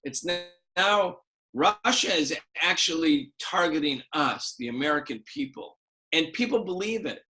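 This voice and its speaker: A man's voice: a little high, animated, measured pace, bright, forceful tone. A man, an activist guest in an interview, talking animatedly and acting out the voices of people he quotes. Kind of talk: political interview.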